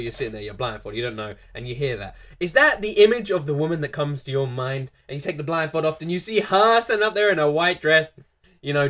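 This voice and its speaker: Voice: medium pitch, fairly bright tone. Gushing, repetitive reaction vlogger. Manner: effusive, repeats phrases over and over, laughs often. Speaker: music reaction video host. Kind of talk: casual reaction vlog talk to camera.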